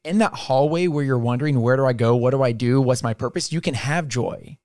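A man's voice: mid-range voice, a little fast, darkish tone, no echo, clean studio sound. A young man co-hosting a casual faith podcast, talking in a laid-back, playful and reflective way. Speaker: podcast co-host.

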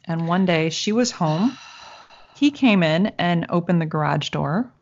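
A woman with a fairly low voice tells a personal story in relaxed, conversational chat. She is animated, laughs now and then, and acts out the voices of people she quotes. The recording sounds dull and lo-fi. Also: unhurried.

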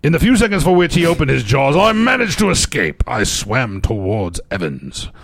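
A man's voice: medium pitch, big pitch swings, moderate pace, a bit bright. A man co-hosting a casual podcast, reading a news story aloud with dry jokes and playful emphasis. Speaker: podcast co-host.

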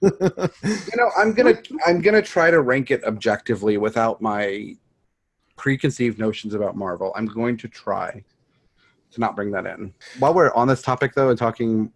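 A man's voice: lowish voice, expressive, normal speed. A man co-hosting a podcast, speaking firmly and with strong opinions in casual chat. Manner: opinionated, firm. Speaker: podcast co-host.

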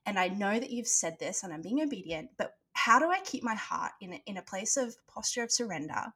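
A woman's voice: medium pitch, sing-song, brisk, husky. A woman podcast host asking a rambling, heartfelt question about faith. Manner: searching, rambling questions with soft backchannels.

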